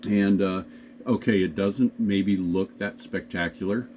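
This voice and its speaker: A man with a very low voice talks haltingly, with plenty of ums and restarts. He sits on a bed in a home bedroom and is picked up by a camera on a desk. A faint background hum sits underneath. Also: steady tone, darkish tone. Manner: hesitant, halting, full of ums. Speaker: vlog co-host. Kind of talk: casual chat.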